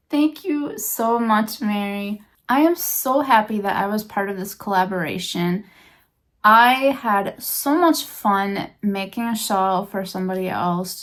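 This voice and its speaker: A woman vlogging to camera as she unboxes a handmade gift, gushing and emotional, repeating her praise over and over. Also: medium pitch. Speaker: crochet vlogger. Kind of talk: unboxing vlog, casual chat to camera.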